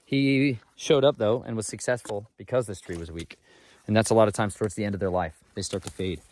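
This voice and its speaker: Folksy, excitable man on a forest walk. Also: on the low side, a little fast. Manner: folksy, excitable, talks straight to viewers. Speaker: homesteader vlogger. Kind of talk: walk-and-talk forest vlog. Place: outdoors in a forest.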